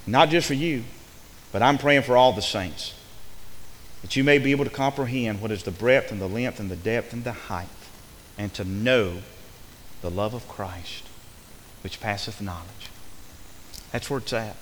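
A man's voice: lowish voice, moderate pace, long pauses. Male pastor, emphatic sermon delivery, reverberant sanctuary with faint hiss. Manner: rising to fervent emphatic preaching, then dropping soft. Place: church sanctuary.

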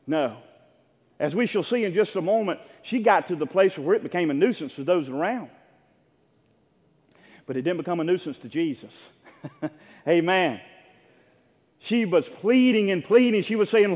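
A man preaching with passion, his voice sitting high and ringing out under a long hall reverb. He hammers phrases again and again and builds to shouted peaks. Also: expressive, moderate pace. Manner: impassioned, swelling to shouted peaks; repeats phrases for emphasis. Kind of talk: sermon.

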